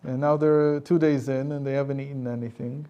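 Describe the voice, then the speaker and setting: A man's voice: medium pitch, fairly even intonation, brisk, smooth, muffled recording. A man, a rabbi and teacher, telling a story in a conversational lecture with frequent chuckles.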